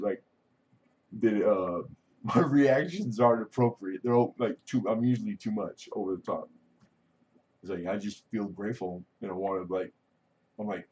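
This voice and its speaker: A man's voice: on the low side, normal speed, darkish tone, lo-fi sound. A middle-aged man hosting a livestream, talking candidly and casually, rambling and swearing freely. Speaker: livestream host.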